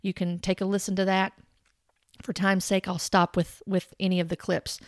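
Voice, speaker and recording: A woman's voice: medium pitch, little pitch movement, moderate pace, no echo, clean studio sound. A woman giving an earnest, corrective Bible commentary, citing chapter and verse and speaking straight to her viewers. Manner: addresses viewers directly. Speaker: Christian commentator.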